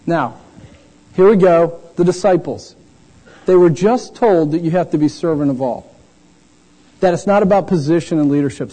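Man preaching, animated, husky, mellow tone, acts out characters. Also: sits high, normal speed, pauses often, poor audio. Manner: animated, acts out voices of the disciples and the blind man. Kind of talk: sermon.

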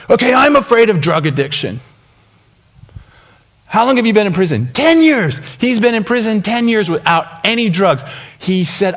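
A male pastor preaching with a high, bright voice that swoops up and down. He tells the story in a lively way and acts out each side of the conversation, laughing now and then. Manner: animated, acts out dialogue with laughs. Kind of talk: sermon storytelling. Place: church sanctuary.

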